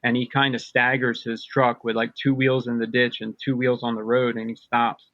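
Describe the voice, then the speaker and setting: A man's voice: medium pitch, level tone, moderate pace, fairly bright tone, no echo. A man recounting personal experiences as a podcast guest, rambling through a long story with many fillers and restarts. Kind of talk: casual storytelling. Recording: dull lo-fi dry sound.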